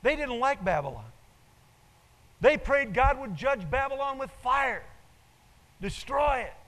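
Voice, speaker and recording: High-voiced older pastor preaching in a hall. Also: male voice, big pitch swings, unhurried, fairly bright tone. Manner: emphatic, repeats key phrases. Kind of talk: sermon. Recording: long reverb in a large hall.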